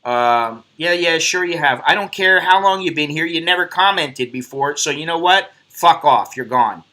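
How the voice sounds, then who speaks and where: Man, live stream host, rambling, profane, blunt, very bright tone, slightly high voice. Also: expressive, moderate pace. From United States.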